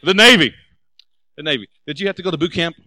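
A man preaching a sermon, animated and asking the congregation rhetorical questions. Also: fairly high pitch, quick pace, dry recording, low-quality recording. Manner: acts out quoted voices. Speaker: pastor.

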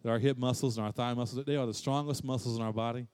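Man, pastor, sermon, rises to loud peaks then drops quiet, repeats lines. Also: fairly even intonation, quick pace, clean tone. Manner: preaching with big swings from loud and high to quiet and low; repeats phrases for emphasis.

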